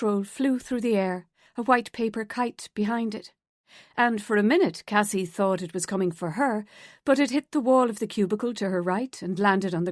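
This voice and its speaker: A woman's voice: medium pitch, moderate pace, no room sound. Woman reading a thriller, dry close sound. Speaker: audiobook narrator. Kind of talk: scripted narration.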